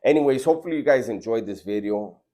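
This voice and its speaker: Laid-back man, dark voice. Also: medium pitch, lively intonation, fast talker. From Southern California. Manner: laid-back, slangy, earnest. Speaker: storyteller. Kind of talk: casual personal storytelling.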